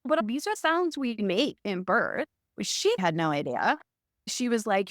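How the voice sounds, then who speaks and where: A woman in her thirties telling a personal story in a conversational way, animated and acting out the lines of people in it. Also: medium pitch, moderate pace, no room sound, clean studio sound. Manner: animated, acts out quoted dialogue. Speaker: guest recounting her birth.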